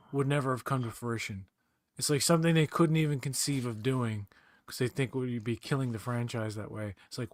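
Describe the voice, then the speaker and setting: A man co-hosting a casual movie commentary, blunt and joking, breaking into quick silly voices. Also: medium pitch, dry recording, clean studio sound. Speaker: podcast co-host.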